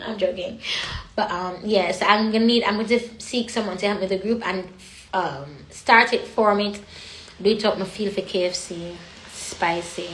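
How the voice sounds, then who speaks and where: A woman's voice: medium pitch, fairly quick, a bit bright, reverberant. A young woman with a Jamaican accent, chatting casually to viewers on a livestream from her phone and slipping into patois. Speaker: livestream host.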